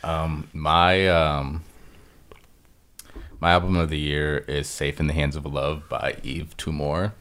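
A man's voice: rumbling low, level tone, slow, a bit bright, smooth. A man chatting as a podcast guest, hesitant and full of fillers. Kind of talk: casual chat.

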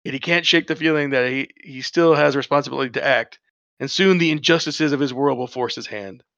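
A man's voice: medium pitch, fairly quick, vocal fry, fairly bright tone, no echo. A man co-hosting a casual podcast, reading show summaries aloud and talking enthusiastically, swearing freely. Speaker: podcast co-host. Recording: dull lo-fi dry mic.

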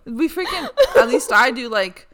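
A young woman co-hosting a podcast in casual chat, excitable and quick to agree, saying "oh my gosh" and "dude". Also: a little high. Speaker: podcast co-host.

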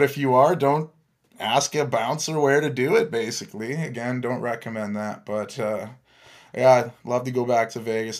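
A man in his thirties hosting a podcast, telling a story in a rambling way, with many fillers and frequent laughs. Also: mid-range voice. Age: 30s. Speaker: podcast host. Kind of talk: casual storytelling monologue.

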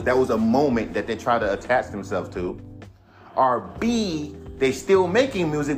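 A man hosting his own podcast, a rapper ranting in a laid-back, rambling, profane way. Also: on the high side. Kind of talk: casual monologue.

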